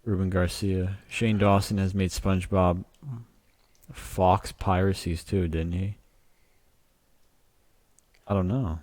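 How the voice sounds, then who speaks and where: A man's voice: deep voice, flat delivery, darkish tone, no room sound. A man co-hosting a podcast in casual chat, swearing freely and rambling as he jokes around. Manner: profane, rambling, quick to joke. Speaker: podcast co-host.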